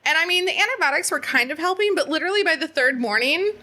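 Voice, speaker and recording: High, bright-voiced woman telling a story. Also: fast talker. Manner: animated storyteller, lots of "like" fillers and swearing. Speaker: podcast co-host. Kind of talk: casual chat.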